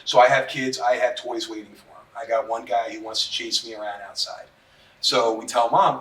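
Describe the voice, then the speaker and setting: A man with a mid-pitched, bright, forward voice gives relaxed advice and encouragement to a parent. He sounds distant in a reverberant room. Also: normal speed. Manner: easygoing, encouraging. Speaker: behavior therapist on the team. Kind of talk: casual advice in a discussion. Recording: echoey room, mic at a distance.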